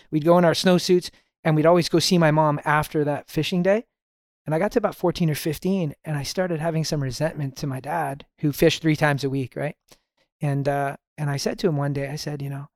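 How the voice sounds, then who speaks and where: Middle-aged male guest, relaxed storyteller, fairly high voice, dry sound. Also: no echo. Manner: relaxed storyteller, sprinkles in "you know". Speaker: podcast guest. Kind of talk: casual storytelling conversation.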